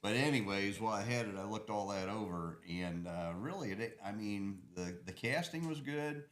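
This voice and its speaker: A middle-aged man, an engine builder, chatting loudly on a podcast and laughing often as he rambles about his work. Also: on the low side, lively intonation, moderate pace. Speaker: engine builder and shop owner. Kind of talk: casual podcast chat.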